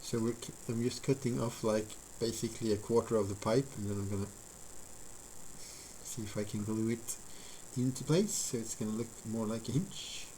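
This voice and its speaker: A man's voice: fairly low pitch, normal speed, warm tone, a little hiss or hum, poor audio. A man live-streaming while he builds a model, thinking aloud in a rambling, filler-heavy way and chatting with his viewers. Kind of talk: casual live-stream chat while crafting.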